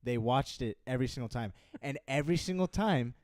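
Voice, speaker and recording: A young man in casual chat as co-host, talking earnestly and halting now and then with fillers and restarts. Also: mid-range voice, expressive, darkish tone, no room sound. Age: young adult.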